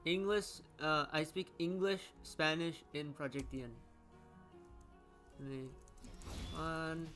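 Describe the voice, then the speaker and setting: A young man with a Floridian accent talks his way through a video game in a loose, rambling way, cutting himself off and starting over. His voice sits a little high for a man. Soft music plays faintly under him. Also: steady tone, takes it slowly, long pauses. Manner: chatty, reacting aloud to the game, trailing off and restarting. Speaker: gaming content creator. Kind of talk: casual gameplay commentary.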